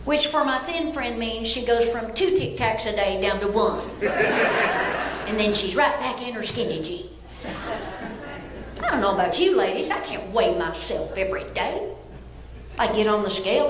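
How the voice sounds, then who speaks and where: A woman's voice: animated, moderate pace, pauses often. Folksy woman doing stand-up. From Kentucky, US. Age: 50s. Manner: folksy, self-mocking, bursts up high on punchlines. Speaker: stand-up comedian. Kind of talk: stand-up comedy set. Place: comedy club stage before a live audience. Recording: roomy live venue with audience noise.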